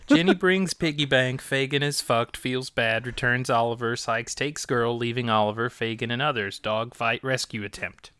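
A man's voice: mid-range voice, normal speed, few pauses, pushed and bright, smooth, no room sound. A man chatting casually about a movie, making dry, jokey asides and reading from his notes. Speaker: podcast co-host. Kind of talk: casual movie recap chat.

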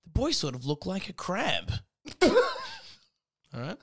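A man's voice: sits high, brisk. Guy hosting a comedy podcast, reads a goofy story, voice swoops all over, laughs a lot. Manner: laughs often, animated, mock-dramatic. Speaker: podcast host reading a story aloud. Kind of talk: comedic reading and banter.

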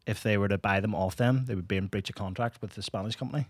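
A man's voice: fairly low pitch, fast talker, no echo, studio quality. A man, co-hosting a podcast and explaining at length in casual chat. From Northern Ireland. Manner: explains at length, says "aye". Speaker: podcast co-host.

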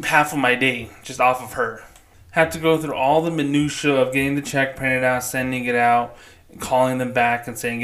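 A man's voice: mid-range voice, a bit bright. A man delivering a casual ranting monologue as a former bank employee, blunt and profane, often stopping to say "okay?". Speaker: former bank employee turned customer advocate.

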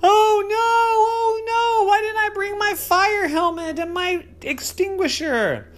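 An adult voicing an excitable, nervous little girl in a bedtime story, with a high, squealing voice. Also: moderate pace. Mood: alarmed. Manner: high, squealing, wide-eyed.

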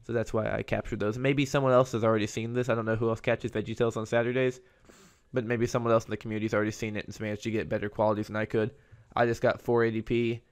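Low, flat-voiced man hosting a podcast. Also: fast, smooth. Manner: rambling and conversational. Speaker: podcast host. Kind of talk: casual solo podcast monologue.

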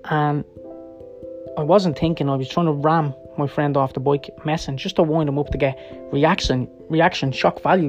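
A man's voice: fairly high pitch, darkish tone, dull audio. A middle-aged man, telling blunt personal stories with heavy swearing, checking in with "right?" as he rambles. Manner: rapid, rambling, seeks agreement with "right?" and "yeah?". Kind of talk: personal storytelling monologue. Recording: faint music behind.

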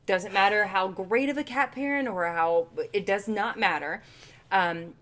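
A woman co-hosts a chatty podcast, telling stories with lots of animation. She acts out what others said as she talks, and her voice sits at an ordinary middle pitch. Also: measured pace. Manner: animated storyteller acting out quotes. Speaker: podcast co-host. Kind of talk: casual chat.

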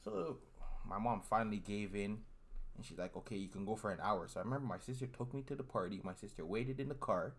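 A young man in a casual chat, telling a story in a low-key, mumbled way. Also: fast talker.

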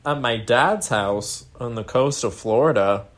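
Brief: young guy, mid-pitched, cursing, dramatic casual storytelling. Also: a little slow. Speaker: podcast co-host. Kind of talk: casual chat. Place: dad's house in Florida.

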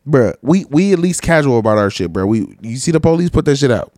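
A young man from California casually telling a story, animated and laughing, heavy on slang and swearing. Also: on the high side, moderate pace, hardly any pauses, no room sound, studio quality. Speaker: vlogger.

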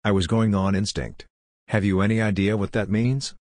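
A man's voice: on the low side, steady tone, normal speed, darkish tone, no room sound, studio quality, close to an everyday voice. A man voicing a flustered, defensive young male kitchen dishwasher in a story reading.

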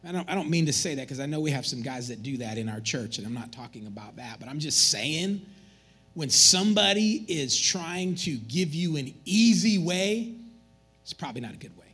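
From the pulpit of a church, a pastor preaches at a moderate pace in a high voice that swings widely, with a breathy, husky grain. He's animated and teases the congregation, while faint music plays underneath.

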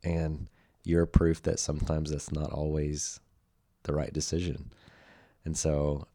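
A man's voice: very deep voice, flat delivery, measured pace, mellow. A man hosting a podcast interview, talking in a reflective, rambling way as he wraps up the conversation. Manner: reflective, rambling, many fillers and restarts. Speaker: podcast host. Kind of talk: casual interview talk.

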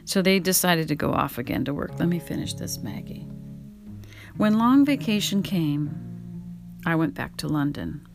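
A woman reading a memoir aloud at home in an unhurried way and pausing to add her own casual remarks. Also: low-pitched, gravelly. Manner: unhurried reading, breaks off to talk to her pet. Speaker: reader and podcaster. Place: home, indoors. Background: guitar music.

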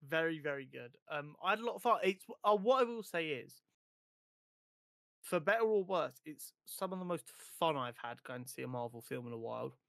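Animated man reviewing films. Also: fairly high pitch, fairly quick, creaky, dry recording, studio quality. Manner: animated, stumbles and repeats words when excited. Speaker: podcast co-host. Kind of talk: casual film review chat.

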